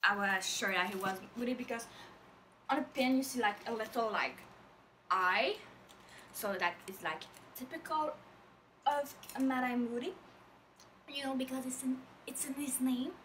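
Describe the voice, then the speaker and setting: Excitable French-accented woman, high and bright. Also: moderate pace, distant mic, a little hiss or hum, rough recording. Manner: gushing, excitable, lots of fillers. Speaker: vlogger. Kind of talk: casual unboxing vlog.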